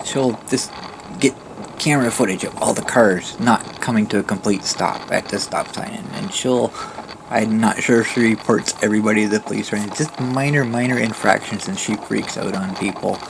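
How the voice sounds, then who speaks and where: A man's voice: lowish voice, fairly even intonation, normal speed, gravelly. A man who drives a mobility scooter tells a rambling, casual vlog story with frequent restarts. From Southern Ontario, Canada. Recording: loud background ambience noise.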